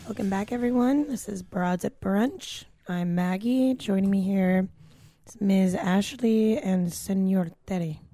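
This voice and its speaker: A woman's voice: medium pitch, unhurried, dark tone, dry recording. A young adult woman hosting a podcast, telling a story in a casual, chatty way with lots of "like" and quoted voices. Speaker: podcast host.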